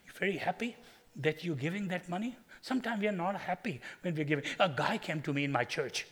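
A male pastor preaching a sermon and telling stories with humor, moving between quiet and loud passages. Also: high voice, animated, fairly quick, slightly rough.

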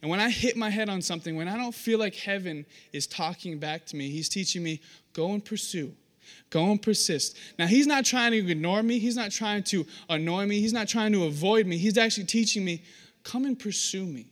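A man's voice: high-pitched, a little fast, hardly any pauses. A young man preaching a sermon, telling stories with acted-out voices and poking fun at himself. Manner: animated, self-deprecating storytelling with acted-out voices.

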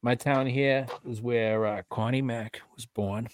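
A man's voice: mid-range voice, steady tone, measured pace. A man speaking as a podcast guest in casual chat, emphatic and full of fillers and swearing. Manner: emphatic, profane, filler-heavy talk.

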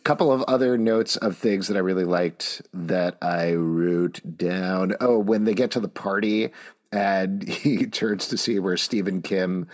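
A man's voice: low voice, unhurried. A man co-hosting a podcast in casual chat, wry and self-mocking, who doubles down on his jokes. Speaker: podcast co-host.

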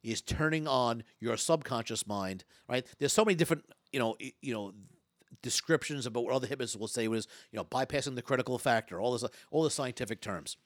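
A man, a stage hypnotist and former comedian, telling stories in an interview, talking fast and loud with lots of stammered restarts. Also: mid-range voice, no room sound, studio quality. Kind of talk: storytelling interview talk.

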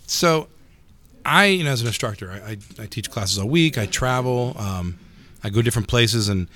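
Animated man telling grappling stories. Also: medium pitch, normal speed. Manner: animated storyteller, repeats words as he talks. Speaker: jiu-jitsu instructor. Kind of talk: casual podcast chat.

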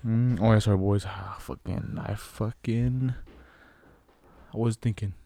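A man's voice: on the low side, fairly even intonation, a little slow, vocal fry, dark tone, dry recording. A young man in casual chat, laid-back and slangy, swearing freely.

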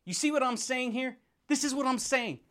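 A man hosting a motivational podcast, talking in an energetic, slangy way and putting on quick voices for the people he quotes. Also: extremely high pitch. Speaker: podcast host.

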